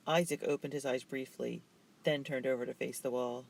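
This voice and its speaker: A man narrating a children's novel in a steady, measured way. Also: medium pitch, creaky, low-quality recording. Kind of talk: reading a children's novel aloud.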